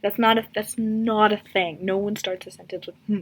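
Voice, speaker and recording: A woman's voice: medium pitch, normal speed, hardly any pauses, slight background noise. A young woman casually ranting in a comic review, sarcastic and exasperated, with lots of filler words.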